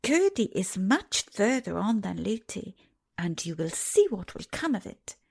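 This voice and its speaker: A wise old grandmother speaks softly and calmly, almost in a whisper, as a woman puts her on. A faint gravelly texture runs under the hush. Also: mid-range voice, a little slow, exaggerated voice. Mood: gentle. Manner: soft and hushed, close to a whisper. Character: wise, gentle old grandmother, calm and loving.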